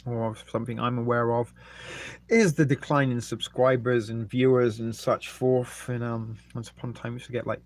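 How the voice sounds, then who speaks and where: A middle-aged man with an English accent, casually hosting a live stream, reading out viewer comments and rambling between jokes and filler words while he eats. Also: mid-range voice. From England. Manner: rambling and jokey, with many ums, eating and burping between remarks. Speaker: livestream host.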